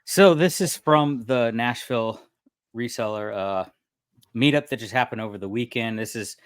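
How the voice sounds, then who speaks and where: A man's voice: medium pitch, normal speed, no room sound, clean studio sound. A man co-hosting a casual podcast, telling a story animatedly and laughing often. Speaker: podcast co-host.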